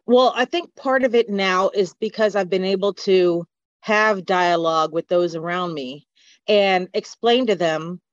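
A woman's voice: medium pitch, a little slow, no echo. A woman speaking as a podcast guest in a candid conversation, earnest, open and reflective. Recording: dull lo-fi podcast audio.

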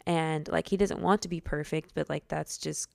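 A woman co-hosting a casual chat podcast, relaxed and emphatic. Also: sits low, normal speed, gravelly, no room sound. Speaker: podcast co-host.

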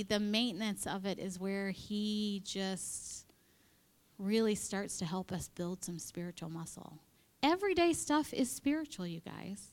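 A woman's voice: mid-range voice, clear, resonant tone. Chatty woman giving a playful sermon. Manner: chatty and playful, acting out quoted voices and dropping to whispered asides. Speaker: speaker at a women's church gathering. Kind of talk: conversational sermon. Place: in front of a live audience.

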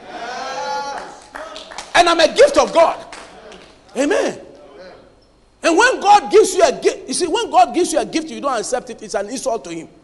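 A man preaching a sermon as pastor, emphatic, often pausing for the congregation to finish his lines. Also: extremely high pitch, sing-song. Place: church hall. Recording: long hall reverb.

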